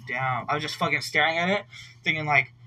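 A young man, a podcast co-host, tells a long story in casual chat, rambling and swearing amid constant filler words. His voice is on the high side, fast, bright and forceful, with fairly even intonation, and sits somewhat distant from the mic.

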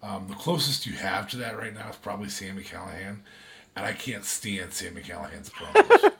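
A man with a lowish voice and a gravelly, fry-laden edge, talking on a casual podcast. He hedges and restarts often, filling gaps with ums while he works through his opinions. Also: sing-song, brisk. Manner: hesitant, many ums and restarts. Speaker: podcast co-host.

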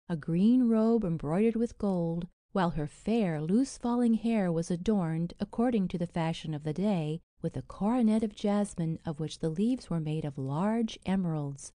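Woman reading an old fairy tale, lively up-and-down voice, dry close sound. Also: mid-range voice, dry recording. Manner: expressive, reads quoted lines with feeling. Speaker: narrator. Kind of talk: storybook narration.

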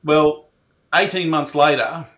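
A man's voice: a little high, takes it slowly, fairly bright tone. A man telling a long, rambling anecdote in casual podcast talk, full of fillers and quoted asides. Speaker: racing industry panelist telling a story. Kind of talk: casual storytelling.

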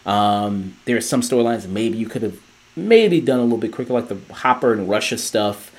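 A man's voice: lowish voice, lively intonation, normal speed. A man co-hosting a podcast, reviewing a TV show in casual chat, rambling with many fillers and restarts. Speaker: podcast co-host.

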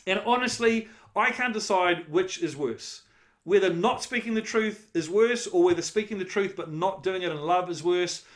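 Man, middle-aged pastor, high-pitched voice, emphatic conversational sermon. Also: moderate pace. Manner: conversational, emphatic preaching with rhetorical questions.

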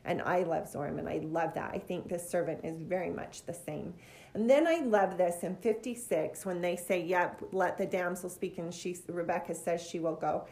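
A woman's voice: lowish voice, expressive, moderate pace, warm tone. A middle-aged woman giving a heartfelt, casual scripture lesson with earnest emotion. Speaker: scripture study teacher.

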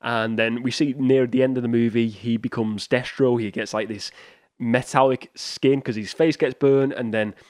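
A man's voice: medium pitch, steady tone, normal speed, a little mellow, no echo, clean studio sound. A man hosting a solo movie podcast, chatting casually and rambling with restarts and small chuckles. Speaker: podcast host.

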